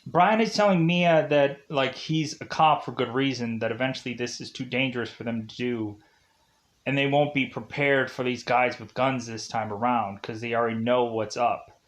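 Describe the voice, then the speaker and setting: A young man with a medium-pitched, slightly bright voice casually recaps a movie's plot, rambling and leaning heavily on "like" and "uh" fillers.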